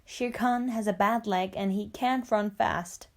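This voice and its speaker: A woman voicing a brave, fierce mother wolf in a storybook, speaking slowly and protectively. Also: medium pitch, steady tone, natural voice. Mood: calm. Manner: bold, protective. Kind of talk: storybook reading.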